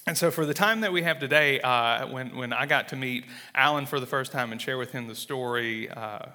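A man in his thirties with a Mississippi drawl gives a folksy, self-deprecating testimony from the pulpit, with plenty of "uh" along the way. His voice is bright and forward. It rings out in the long reverb of a large church hall. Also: medium pitch, brisk. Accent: Southern US, Mississippi. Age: 30s. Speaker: church planter, guest speaker. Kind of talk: sermon with personal testimony. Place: church sanctuary.

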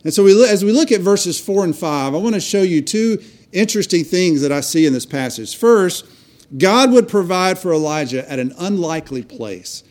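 A man's voice: high voice, expressive, normal speed. A man preaching a sermon, telling a story earnestly with frequent restarts. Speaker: pastor.

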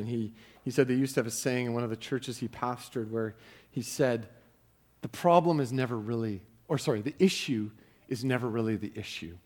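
A man's voice: medium pitch, a little mellow. A man preaching a sermon in a conversational way, often repeating words as he starts a sentence. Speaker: pastor.

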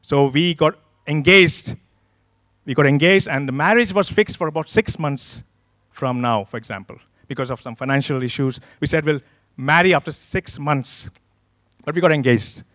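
Male pastor, sermon testimony; high-pitched, vivid storyteller, dry close recording. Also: normal speed, dry recording. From Kenya. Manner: animated storyteller, acts out his own past thoughts. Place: church service.

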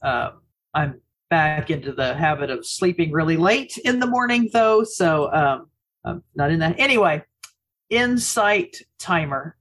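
A woman with a slightly low voice chats in a relaxed way, wry and self-deprecating. Her speech is full of ums and uhs. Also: measured pace. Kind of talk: casual chat, recommendation.

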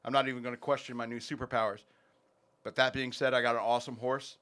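A man's voice: mid-range voice, level tone, fast talker, a bit bright. A man hosting a casual podcast, rambling and joking through sponsor reads with plenty of fillers. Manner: rambling, jokey, many fillers. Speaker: podcast host.

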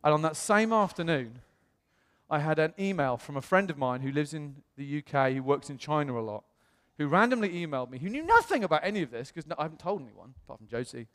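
A man preaching in a chatty storytelling manner, his voice sitting a little high. He slips into lively voices when he quotes people. The sound carries a long reverb from a large hall. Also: fast. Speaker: pastor. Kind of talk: sermon.

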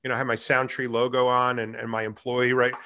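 A middle-aged man in a casual interview, telling his career story with lively acted-out dialogue. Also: medium pitch, fast talker, slight background noise. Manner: animated storyteller, acts out quoted dialogue. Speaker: guest, music tech company founder.

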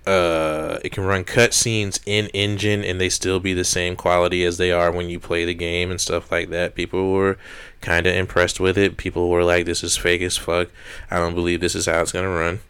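A man's voice: deep voice, flat delivery, moderate pace, fairly bright tone, clear, resonant tone. A young man co-hosting a podcast, chatting casually with lots of swearing and rambling jokes. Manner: rambling, profane, jokey. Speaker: podcast co-host. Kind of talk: casual chat.

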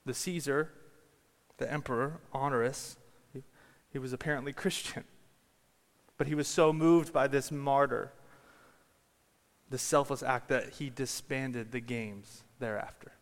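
A man delivers a sermon in a church, mid-pitched and unhurried. He tells stories and rises to loud peaks, and the long reverb of a large hall trails after each phrase. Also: steady tone. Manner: storytelling, builds to shouted climaxes. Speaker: preacher.

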